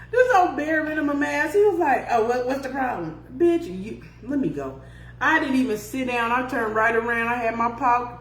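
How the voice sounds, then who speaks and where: Profane, animated woman telling a dating story. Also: a little high. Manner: profane, animated, acts out both sides of the story. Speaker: podcast host. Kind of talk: casual storytelling to listeners. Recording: echoey room with faint hum.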